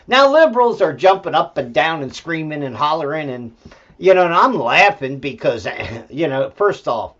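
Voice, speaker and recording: A man's voice: a little high, sing-song, normal speed, fairly bright tone. A male host giving a rambling, profane political rant full of fillers and restarts, and talking aside to his dog at home. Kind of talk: solo political commentary rant. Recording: dull lo-fi sound.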